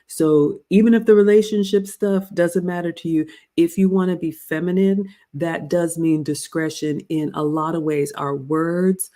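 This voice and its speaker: Dark-toned woman hosting an advice chat. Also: fairly low pitch, fairly even intonation, normal speed, hardly any pauses. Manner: conversational, addresses listeners as ladies. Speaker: host. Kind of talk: casual advice chat on etiquette.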